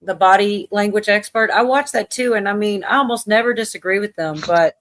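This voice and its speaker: A woman's voice: medium pitch, a little fast. A woman hosting a livestream, chatting casually and laughing easily. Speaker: livestream host. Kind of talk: casual chat.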